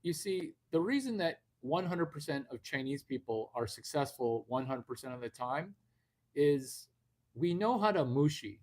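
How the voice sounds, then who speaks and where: This man's voice is mid-range and a little mellow, at a moderate pace. Hosting a live video stream without a script, he rambles brashly at his viewers, speaking to them directly and cursing heavily.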